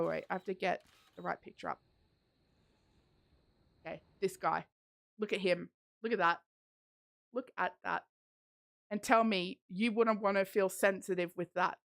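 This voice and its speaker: A woman's voice: mid-range voice, vocal fry, a bit bright. A woman streamer chatting casually while playing a game, rambling and giggling. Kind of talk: casual chat while gaming.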